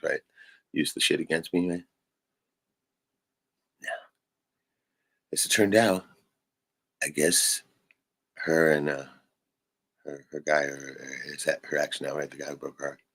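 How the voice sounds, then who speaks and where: A man on a live stream venting in a rambling way, swearing often and tagging "right?" onto his sentences. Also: extremely low pitch. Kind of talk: casual venting monologue.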